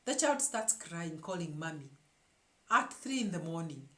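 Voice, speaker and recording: A woman's voice: on the low side, very animated, a little slow, pushed and bright. A woman hosting her own show, telling a story to her viewers in an emphatic way and often repeating words as she searches for the next one. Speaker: show host. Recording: echoey room.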